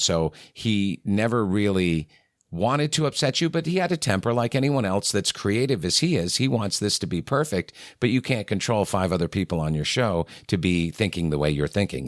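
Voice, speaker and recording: A man's voice: sits low, animated, moderate pace, dry recording, clean studio sound. A middle-aged man from New England, a radio morning host, telling candid anecdotes in a conversation and acting out the exchanges he quotes. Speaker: radio morning show host, podcast guest.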